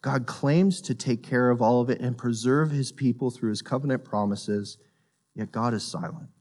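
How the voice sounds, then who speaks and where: A man preaching a sermon, earnest and emphatic, repeating words as he builds a point and sinking low and quiet on solemn lines. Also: normal speed. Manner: repeats words while thinking. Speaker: pastor.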